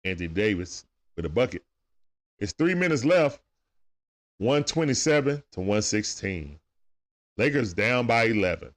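A man's voice: fairly low pitch, very animated, moderate pace, long pauses. A man with speech doing loose, chatty play-by-play on a livestream, talking back to players and viewers. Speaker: livestream game commentator. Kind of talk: casual play-by-play commentary.

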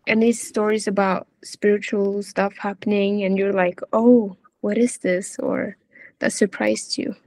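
A woman's voice: mid-range voice, flat delivery, unhurried, a little mellow. A woman interviewing a guest, asking curious questions in a casual chat.

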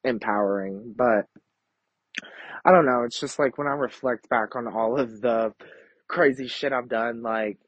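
A man's voice: mid-range voice, steady tone, measured pace, long pauses, a bit bright, breathy edge, dry recording. A young man hosting a podcast, talking in a brash, profane, campy confessional monologue. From Kentucky. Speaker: podcast host. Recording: dull lo-fi home recording.

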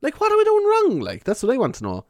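A man's voice: extremely high pitch, wildly swooping pitch, fast, no echo, studio quality. A young man with a Cork Irish accent, chatting casually to camera, rambling, swearing often and laughing at himself. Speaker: vlogger. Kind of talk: casual rambling vlog chat.

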